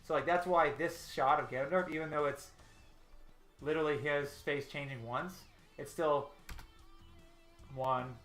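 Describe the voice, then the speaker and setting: A man with a mid-range voice and fairly bright tone chats casually on a live stream while he works. He is an artist hosting a storyboarding stream, and he rambles and laughs often. The recording is echoey, with faint music.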